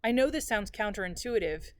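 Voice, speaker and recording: A woman voicing a grieving middle-aged mother who speaks softly and apologetically. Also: medium pitch, expressive, fairly quick, no room sound, close to an everyday voice. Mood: insistent. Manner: soft, apologetic, repeating herself.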